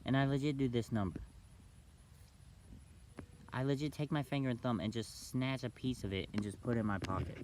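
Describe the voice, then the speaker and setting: A young man vlogging, telling a story casually and acting out the other people's voices with big jumps in pitch. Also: fairly quick, pauses often, background noise. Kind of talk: storytelling vlog.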